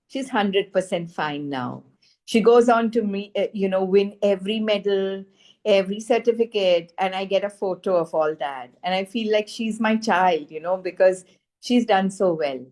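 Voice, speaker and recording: A woman's voice: mid-range voice, moderate pace, darkish tone. A middle-aged woman, telling a personal story in an earnest, emphatic way and repeating phrases for stress. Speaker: spiritual teacher sharing a wellness testimonial. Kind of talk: conversational storytelling.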